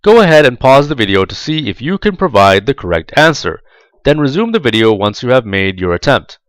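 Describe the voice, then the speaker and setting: A man narrates a step-by-step instructional tutorial, his delivery lively and full of pitch movement. He speaks slowly and deliberately, enunciating every word clearly. The recording is close and dry, with no room sound. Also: no room sound, rough recording. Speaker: tutorial narrator for job applicants. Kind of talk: scripted instructional voice-over.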